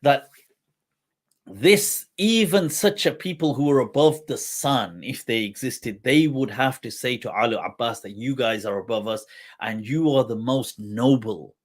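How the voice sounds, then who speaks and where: Slow-talking man telling a funny story. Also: medium pitch. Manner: laughing while retelling a humorous anecdote, quoting poetry; slow, unhurried delivery. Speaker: host and religious teacher. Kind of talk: casual storytelling talk.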